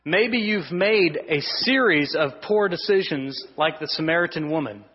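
A male pastor preaching a sermon to his congregation, swinging between loud emphasis and hushed, drawn-out lines. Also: on the high side, lively intonation, husky, in a large hall, muffled recording. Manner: asks the congregation for responses. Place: church sanctuary.

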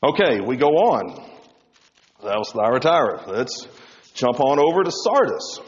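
A male pastor preaching a sermon, swinging between loud emphasis and hushed low tones. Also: very animated, unhurried. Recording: dull sound with long reverb in a hall.

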